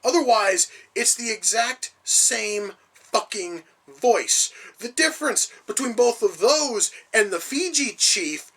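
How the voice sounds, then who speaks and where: A man's voice: sits high, lively intonation, slow, fairly bright tone, slightly rough. A man giving a ranting, sarcastic movie review, swearing often and sounding exasperated. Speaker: film reviewer.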